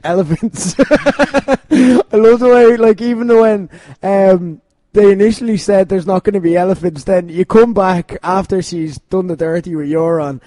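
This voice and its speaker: A man, co-hosting a casual chat, animated, laughing often and mimicking characters. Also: sits high, no room sound. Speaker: podcast co-host.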